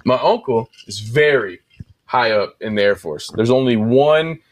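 A man's voice: mid-range voice, expressive, a little slow. A man co-hosting a podcast, telling rambling stories in casual banter and swearing freely. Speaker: podcast co-host.

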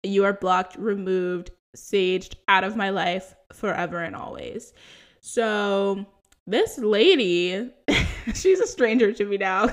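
A woman's voice: mid-range voice, takes it slowly. Chatty young woman telling stories. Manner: chatty, laughing often, full of likes and ums. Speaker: podcast host. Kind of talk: casual storytelling chat.

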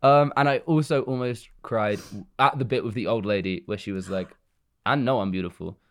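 A young man talks through a film in loose, rambling casual chat, his voice sitting at an ordinary middle pitch. He laughs often and restarts his sentences as he goes. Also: a little fast, clear, resonant tone.

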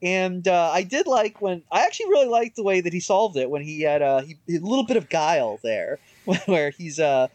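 A man's voice: high voice, expressive, moderate pace, few pauses, darkish tone, no room sound. A man co-hosting a podcast, chatting casually about old cartoons with many fillers and restarts. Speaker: podcast co-host. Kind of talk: casual chat reviewing cartoons.

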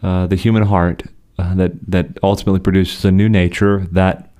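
Very deep-voiced man explaining theology. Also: level tone, mellow. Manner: measured, explanatory, with frequent restarts. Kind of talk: conversational theological discussion.

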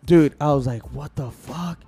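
Excitable bilingual man telling a story. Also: on the high side, unhurried, breathy edge, faint music behind. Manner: switches between English and Spanish, swears freely; excitable when retelling, voice rises in quoted lines. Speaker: podcast co-host. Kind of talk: casual storytelling chat.

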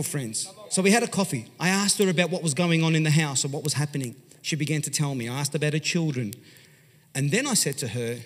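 An Australian pastor telling a story in an animated, conversational sermon, swinging from loud to hushed. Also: male voice, on the high side. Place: large church hall. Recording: long hall reverb.

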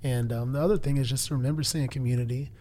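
A man's voice: mid-range voice, fairly even intonation, racing, warm tone, a little hiss or hum. A man in his twenties sharing a faith testimony in conversation, earnest and preacherly, repeating phrases for emphasis. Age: 20s. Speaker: guest.

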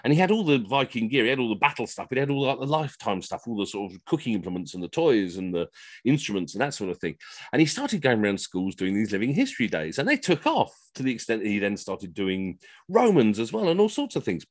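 A man's voice: on the low side, sing-song, quick pace, no room sound. A middle-aged man and costumed history entertainer, telling rambling, self-mocking comic stories over a video call from home.

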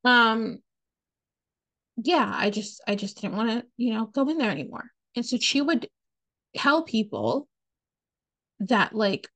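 With a slightly high, sing-song, fairly bright voice, a woman unhurriedly tells a personal story on her podcast, leaving long pauses. She's casual and blunt about it, swearing freely and leaning on "like" and "you know."

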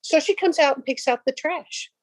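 A woman's voice: sits high, moderate pace, rough recording. Older woman telling a rambling story. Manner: rambling with restarts and quoted dialogue. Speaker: guest sharing a testimony. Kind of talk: casual storytelling.

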